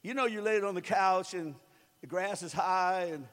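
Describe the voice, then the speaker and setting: Man, pastor, very high voice, joking conversational sermon, shouted peaks, long hall reverb. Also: normal speed.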